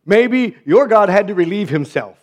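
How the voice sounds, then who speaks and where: A man preaching a sermon with wry, sarcastic humor and big swings between loud and hushed delivery. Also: high voice, lively intonation, moderate pace. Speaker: pastor.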